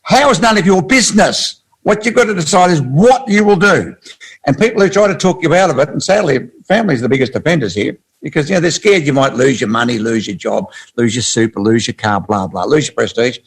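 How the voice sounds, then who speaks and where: A man's voice: on the high side, a little fast, breathy edge, rough recording. Emphatic older man. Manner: emphatic, interjects and corrects his partner. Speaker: guest, author and speaker. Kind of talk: animated interview talk.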